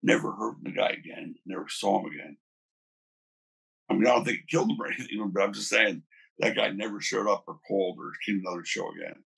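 Gravelly older man telling stories. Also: on the low side, fast talker. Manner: animated storyteller, acts out quoted voices. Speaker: interview guest, former wrestling promoter. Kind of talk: casual storytelling interview.

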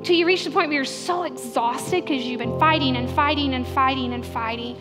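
A woman pastor preaching a sermon, telling stories in an animated way and acting out inner voices. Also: sits high, moderate pace. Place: church sanctuary. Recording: church hall reverb with soft music.

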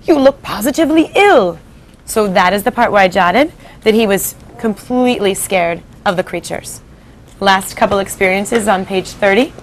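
Teacher lady running a reading lesson, clear and bossy-kind, bit of room noise. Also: medium pitch, steady tone, normal speed, rough recording. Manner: clear, directive, prompting students. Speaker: 5th grade writing teacher. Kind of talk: classroom teaching and read-aloud. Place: classroom.

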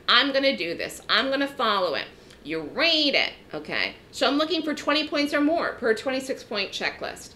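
Brief: bright, lively woman trading educator, direct and emphatic, faint hiss behind. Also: mid-range voice. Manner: emphatic, direct, frequent "okay?" check-ins. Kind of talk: trading lesson. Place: trading room webinar.

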